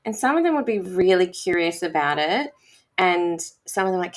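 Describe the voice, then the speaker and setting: Woman, low voice, teacher, enthusiastic and rambling, casual chat. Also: expressive, normal speed. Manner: enthusiastic, rambling, searches for words. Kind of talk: casual conversation.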